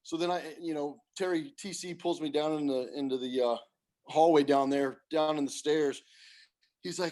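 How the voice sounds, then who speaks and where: Animated storytelling man, higher voice. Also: moderate pace. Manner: animated, acts out quoted coaches. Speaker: former pro pitcher guest. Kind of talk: casual storytelling.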